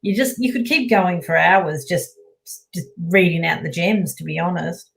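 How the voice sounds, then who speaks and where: A woman co-hosting a book club chat in a relaxed, rambling way, often agreeing. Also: lowish voice, moderate pace, vocal fry. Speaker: book club podcast co-host. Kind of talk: casual chat.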